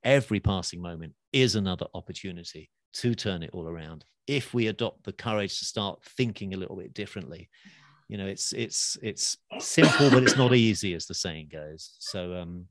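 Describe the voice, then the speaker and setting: A man being interviewed about his book, talking in an animated, emphatic way with sudden loud bursts. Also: low voice, normal speed. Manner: animated, emphatic storyteller with big swings in loudness. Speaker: podcast guest, author. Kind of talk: casual interview chat.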